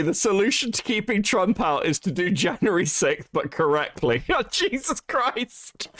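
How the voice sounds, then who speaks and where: A man giving casual, profane live-stream commentary on chat, animated and laughing often. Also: high voice, normal speed, few pauses, dry recording, studio quality.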